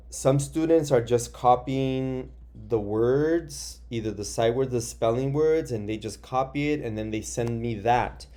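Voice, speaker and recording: A man teaching young students in a recorded lesson, explaining patiently and slowly with many fillers. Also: mid-range voice, dark tone. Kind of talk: recorded remote class lesson.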